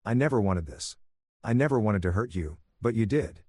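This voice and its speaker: A desperate, tearful wife caught in her own scheme, pleading and apologizing, as a male narrator puts her on in a story reading. The voice sits fairly low with only a small lift for her. The sound is dry and close, with no room around it. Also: animated, normal speed, a little mellow, slightly rough, no room sound.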